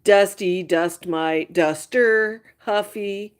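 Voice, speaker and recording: A woman's voice: mid-range voice, extremely slow, smooth. A woman hosting a live stream, gossiping casually with her viewers. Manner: chatty, gossiping, exasperated asides. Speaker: livestream host chatting with viewers.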